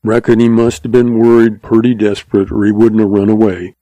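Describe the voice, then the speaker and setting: A man's voice: fairly low pitch, monotone, fairly quick, mellow, no room sound, close to an everyday voice. A man reading a story aloud and voicing a sly young cowboy who talks in an easygoing, folksy way. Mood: mournful.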